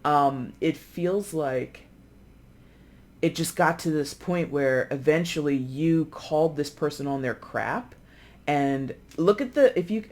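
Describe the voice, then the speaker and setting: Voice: medium pitch, a little mellow. A tarot reader speaking casually to camera, chatty and loose, often acting out the lines of imagined people. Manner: loose, with frequent fillers and self-corrections.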